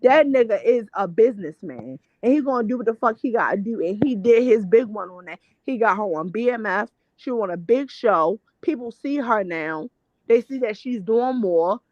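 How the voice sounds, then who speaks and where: Give me a blunt, profane woman hosting a celebrity gossip show. Her voice sits a bit high, and she keeps restarting her sentences. The sound is dull, dry and lo-fi. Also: expressive, normal speed, dry recording. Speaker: host. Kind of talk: casual celebrity gossip chat.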